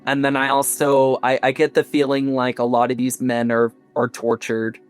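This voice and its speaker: A man's voice: mid-range voice, monotone, normal speed, smooth. A man who guides tours of an old house, telling ghost stories in a chatty way with many fillers and restarts. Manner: chatty, full of fillers and self-corrections. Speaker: mansion tour guide and resident. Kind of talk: casual storytelling interview. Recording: soft music underneath.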